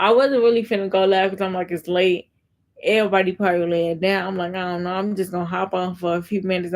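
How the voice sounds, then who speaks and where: Earnest woman with a flat, gravelly voice. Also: fairly low pitch. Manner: reads viewer comments aloud and answers them; earnest, repeats herself. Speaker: content creator. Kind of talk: casual faith talk on a live stream.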